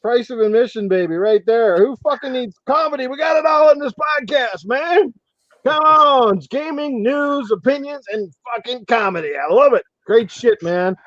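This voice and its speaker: A man hosting a gaming podcast, swearing a lot and getting excited. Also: very high voice, normal speed, no room sound, highs cut off. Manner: profane, excitable, laughing easily. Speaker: podcast host. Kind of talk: casual podcast chat.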